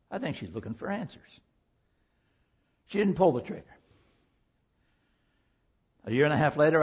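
A man preaching a sermon through a personal story, impassioned, swinging from loud pleading down to a hush. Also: medium pitch, breathy edge, lo-fi sound. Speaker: preacher and teacher.

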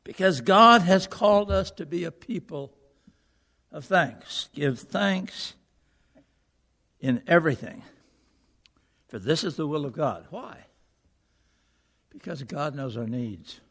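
A male pastor giving a sermon, moving from a lively recited poem into earnest preaching in a church auditorium. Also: a little high, takes it slowly, gravelly, long pauses. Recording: long reverb of a large hall.

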